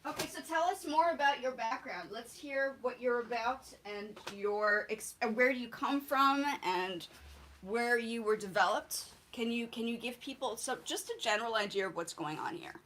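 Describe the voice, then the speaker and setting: A woman with a slightly high voice hosts a casual music livestream. She talks in an animated way, laughs a lot and repeats words as she goes. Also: normal speed, slight background noise.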